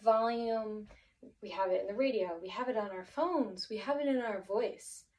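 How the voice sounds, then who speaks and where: A woman's voice: mid-range voice, normal speed, darkish tone, recorded from a distance, rough recording. A woman teaching a vocabulary lesson, encouraging and thinking aloud with many fillers and restarts.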